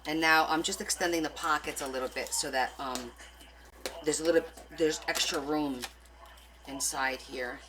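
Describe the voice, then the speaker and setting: A woman's voice: sits low, steady tone, moderate pace, noisy background. A woman hosting a live crafting stream, chatting casually and rambling as she answers viewers' comments.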